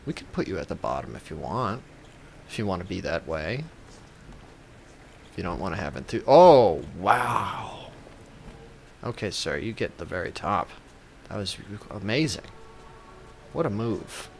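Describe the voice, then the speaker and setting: A man's voice: deep voice, big pitch swings, a little slow, gravelly, long pauses, a little hiss or hum. A man giving comedic gameplay commentary as a gaming YouTuber, joking in a playful, mock-reverent way.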